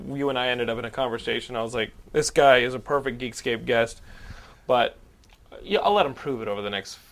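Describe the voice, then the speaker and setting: A man hosting a podcast, talking casually in a studio. He rambles and jokes, filling his talk with ums and uhs, at a mid pitch. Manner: rambling, joking, many fillers. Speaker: podcast host. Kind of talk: casual chat.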